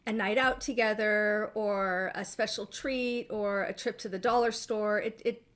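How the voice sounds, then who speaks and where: A middle-aged woman therapist explaining steps in a measured way, often checking in with "right?". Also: mid-range voice, steady tone, fairly bright tone. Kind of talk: therapy session talk.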